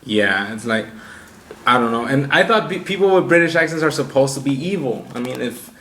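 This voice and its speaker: A man's voice: mid-range voice, lively intonation, a little fast, fairly bright tone. Male podcast co-host, crude heated rants, mid-range voice, faint hiss. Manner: profane, heated ranting. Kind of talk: casual podcast banter. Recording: echoey room with faint noise.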